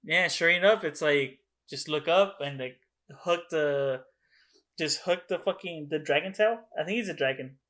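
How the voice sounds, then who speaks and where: Young male co-host, bright and excitable, swears freely, casual video-call podcast. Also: fairly high pitch, moderate pace. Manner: excitable, swears a lot, animated storytelling. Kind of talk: casual chat.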